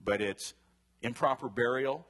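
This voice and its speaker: A man's voice: medium pitch, unhurried, fairly bright tone. A man teaching a Bible study to a group in a chatty way, asking the class questions and drifting into side stories. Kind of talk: conversational Bible lesson to a group.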